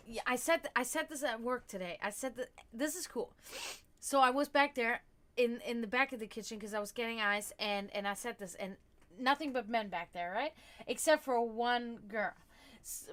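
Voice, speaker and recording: A young woman chats on her livestream in a bright, slightly high voice. She rambles candidly, full of fillers and frank swearing. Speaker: livestream host. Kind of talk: casual livestream chat.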